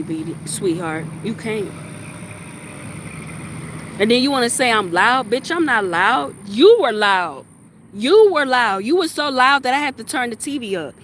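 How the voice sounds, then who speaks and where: A woman delivers a heated monologue in a fairly high voice, scolding and hammering her points by repeating them. She is recorded outdoors, with faint street and traffic noise underneath. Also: a bit bright. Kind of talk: ranting monologue to camera.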